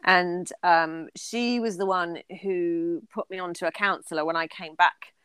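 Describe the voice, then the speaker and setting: A woman's voice: on the low side, fairly even intonation, measured pace, fairly bright tone, clean tone, dry recording. A middle-aged woman co-hosting a podcast, talking candidly in casual chat and swearing freely. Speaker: podcast co-host.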